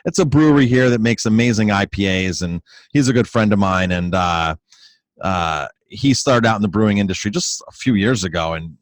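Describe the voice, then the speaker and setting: A man's voice: lowish voice, normal speed, no room sound. A man hosting an interview podcast, talking casually and enthusiastically, often repeating his words. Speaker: podcast host and restaurant owner.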